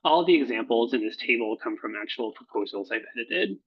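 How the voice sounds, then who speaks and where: A man who edits research proposals, talking through slides in a recorded workshop, halting often with fillers and self-corrections. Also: medium pitch, animated, husky. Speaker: proposal editor. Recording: dull lo-fi recording.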